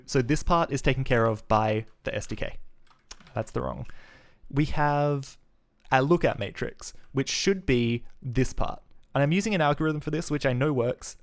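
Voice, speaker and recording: A man from Adelaide with a mild South Australian accent, chatting casually with viewers while thinking aloud through code on a live stream, with frequent fillers and restarts. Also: mid-range voice.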